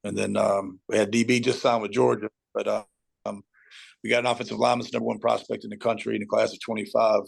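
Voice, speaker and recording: Gravelly middle-aged football coach. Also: male voice, on the low side. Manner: animated storyteller, acts out shouting at the TV. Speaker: high school football coach. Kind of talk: podcast interview guest.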